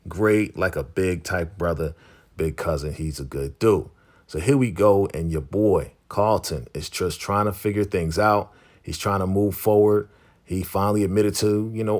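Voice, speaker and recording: A man with a low, deep voice recapping a TV episode in a relaxed, chatty way. He talks casually, with plenty of slang and filler words, like he's catching up with a friend. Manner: laid-back, chatty, slangy retelling with many fillers. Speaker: TV recap host.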